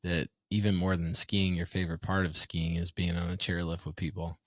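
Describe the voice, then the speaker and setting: A man with a very deep voice hosts a podcast in an upbeat, encouraging way. The sound is dry, with no room around it. He sounds friendly and casual. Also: little pitch movement, a little fast, sharp tone, no room sound. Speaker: podcast host. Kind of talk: casual chat.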